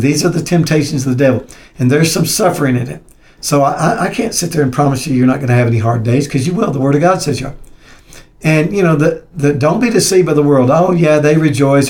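A man's voice: medium pitch, darkish tone. A man preaching a sermon, reading scripture aloud and speaking plainly, often repeating himself and restarting. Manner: halting, repeats words and restarts; reads scripture aloud between plain comments.

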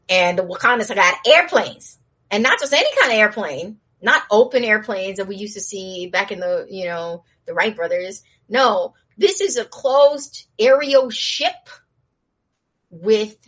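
A woman casually recapping a show in slangy talk, acting out the characters' lines in a higher voice and laughing now and then. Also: a bit bright. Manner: chatty with frequent laughs and asides.

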